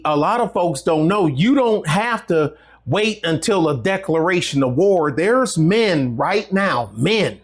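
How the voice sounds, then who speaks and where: A middle-aged man chats casually to his channel's viewers. His voice sits a little high for a man. He rambles in a folksy way and restarts his sentences often. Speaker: channel host. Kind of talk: casual talk to camera.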